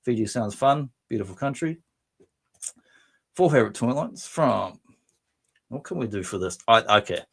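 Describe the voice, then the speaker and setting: A man's voice: medium pitch, expressive, moderate pace, vocal fry, pauses often, a bit bright, husky. Rambling Australian man on a livestream. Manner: rambling, self-mocking, bursts into silly voices. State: voice strained after drinking. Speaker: livestream host. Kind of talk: casual live chat reading viewer comments.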